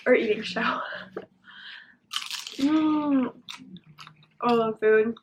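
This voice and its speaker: A young woman hosting a casual mukbang chat at home, talking while she eats, chatty and quick to giggle. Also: on the high side, slight background noise. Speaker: vlogger host. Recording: dull lo-fi sound.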